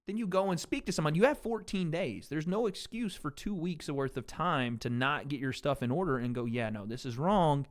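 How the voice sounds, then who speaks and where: Higher-pitched man hosting casual commentary. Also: fairly quick, few pauses. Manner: animated, reads statements aloud then riffs with laughter. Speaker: podcast host.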